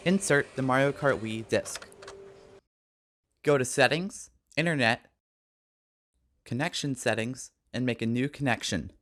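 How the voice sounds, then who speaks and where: A man's voice: mid-range voice, measured pace, pauses often, a bit bright. Young man giving plain step-by-step steps. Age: young adult. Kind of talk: casual tutorial narration.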